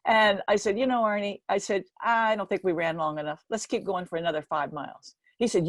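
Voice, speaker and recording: An older American woman giving a speech, telling a personal story in a lively way and acting out the quoted voices. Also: fairly quick, hardly any pauses, dry recording. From United States. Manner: lively storyteller, acts out quotes with animated jumps in pitch. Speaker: keynote speaker.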